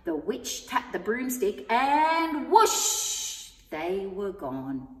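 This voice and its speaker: A woman reading a rhyming picture book aloud to children, expressive and sing-song. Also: medium pitch, very slow. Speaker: story time reader. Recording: echoey room with long reverb.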